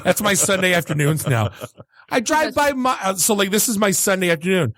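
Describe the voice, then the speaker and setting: A man's voice: high-pitched, a little fast, dry recording, studio quality. A man co-hosting a podcast who chats casually, joking and laughing often. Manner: jokey, animated, laughs often. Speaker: podcast co-host.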